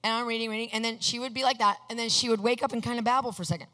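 A preacher telling a personal story in a sermon, animated, acting out what people said and asking for amens. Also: mid-range voice, racing, in a large hall. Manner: animated, acts out quotes, asks the congregation for amens.

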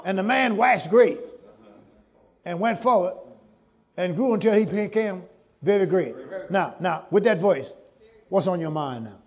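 A man preaching with a high-pitched voice. He calls on the congregation for answers and climbs into shouted peaks. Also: expressive, unhurried, pauses often. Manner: call-and-response preaching, rising to shouts. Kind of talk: sermon.

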